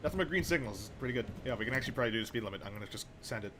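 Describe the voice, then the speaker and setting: Over a train simulator stream, a young man offers loose, casual commentary, drifting into profane tangents and wry asides. His middle-pitched voice is lively and racing, with background noise behind it.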